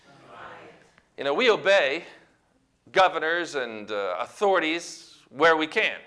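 A man preaching a sermon, emphatic and rising to loud exclamations, asking the congregation to repeat words after him. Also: a little high, animated, measured pace.

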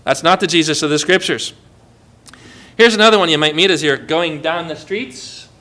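A man preaching a sermon, lively and emphatic, asking the congregation questions. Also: a little high, moderate pace.

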